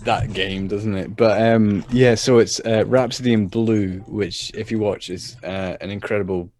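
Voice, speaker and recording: A man's voice: fairly low pitch, steady tone, moderate pace, darkish tone. A man co-hosting a podcast in a casual, rambling way, often restarting his sentences. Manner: rambling, repeats words when starting. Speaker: podcast co-host. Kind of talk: casual chat.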